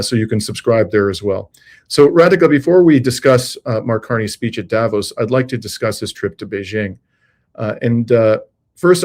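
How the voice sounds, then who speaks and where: A man hosting an interview over a video call, speaking in a measured way with frequent "uh" fillers. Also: lowish voice, a little mellow. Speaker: interview host. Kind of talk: scripted intro then interview questions.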